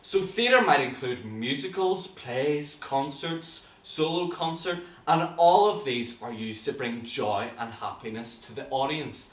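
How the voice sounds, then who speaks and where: A young man with a Northern Irish accent, teaching an online acting class to viewers in an animated, theatrical way full of gasps and sudden bursts. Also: medium pitch, a little slow, few pauses, roomy sound, recorded from a distance. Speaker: drama teacher.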